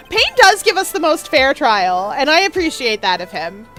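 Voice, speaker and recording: A woman's voice: sits high, wildly swooping pitch, moderate pace, fairly bright tone, soft background music. A woman streaming a video game, chatting playfully with viewers in casual commentary. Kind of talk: casual gaming livestream commentary.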